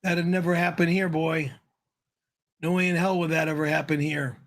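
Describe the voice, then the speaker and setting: A man hosting a live stream, cursing and quick to anger as he rants back at viewers. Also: little pitch movement. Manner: cursing, quick-tempered, flies into high-pitched yelling. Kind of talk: irate live-stream rant.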